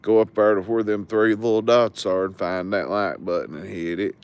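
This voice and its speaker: A man's voice: fairly low pitch, fairly even intonation, normal speed, darkish tone, clean tone. A man, telling rambling, profane stories to his livestream viewers. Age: 40s. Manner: loose, crude, rambling storytelling.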